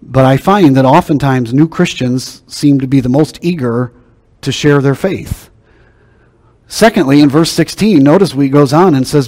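An older man preaching a sermon as pastor, emphatic, slowing down and dropping his voice to drive key points home. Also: mid-range voice. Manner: emphatic, slows down and drops to a hush for key points. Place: church sanctuary. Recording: long hall reverb.

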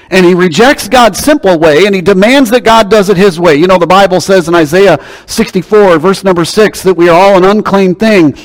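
A man preaches in a folksy, storytelling way, his high voice dropping low and quiet for asides, then climbing loud for outbursts. His voice rings out with a long reverb through a large church sanctuary. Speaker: pastor. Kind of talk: sermon.

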